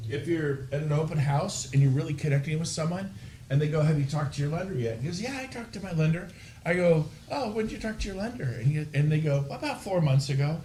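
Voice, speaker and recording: A man speaks to a live room of agents, coaching them on real estate. His voice sits a little high, and he tells his stories with lively energy. Faint room noise runs underneath. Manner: energetic, animated storytelling. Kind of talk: live training talk to agents.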